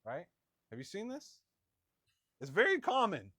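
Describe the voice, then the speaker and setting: A middle-aged man preaching a sermon in a conversational storytelling manner, with quick asides. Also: high voice, wildly swooping pitch, pushed and bright, breathy edge, no echo, studio quality. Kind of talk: sermon with personal anecdote.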